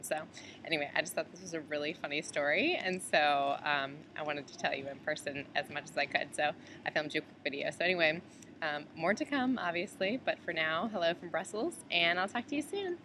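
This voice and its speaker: This low-pitched American woman talks fairly quickly, her voice pushed and bright, with a little background noise. During an airport layover she records a casual video message to a friend, chatty and full of "like" and "um."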